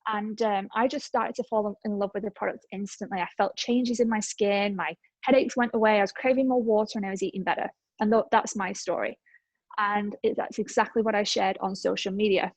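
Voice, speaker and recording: A woman's voice: mid-range voice, steady tone, brisk, dry recording, poor audio. Chatty woman in her thirties. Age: 30s. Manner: chatty, upbeat storytelling with many fillers. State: slightly out of breath. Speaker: network marketing presenter. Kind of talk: casual presentation on a group call. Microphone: call microphone.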